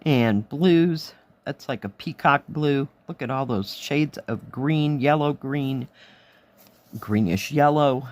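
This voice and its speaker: Hoarse, slow-talking woman reviewing craft kits. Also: rumbling low, a little mellow. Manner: chatty, admiring, thinks aloud while counting. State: hoarse, losing her voice. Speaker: cross-stitch vlogger. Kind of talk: casual product review.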